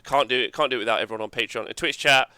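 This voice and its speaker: Male podcast host, eager and stumbling over his words, crisp resonant voice, dry close mic. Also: medium pitch, pushed and bright, no room sound. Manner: enthusiastic, halting, full of fillers. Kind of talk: casual chat on a livestream podcast.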